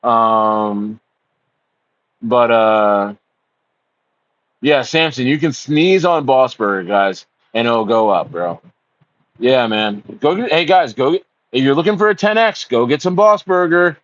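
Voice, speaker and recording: A man's voice: mid-range voice, animated, slow, pauses often, a bit bright, lo-fi sound. A man hosts a casual livestream. He rambles, fills his talk with ums and uhs, swears, and calls his viewers bro. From United States. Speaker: livestream host.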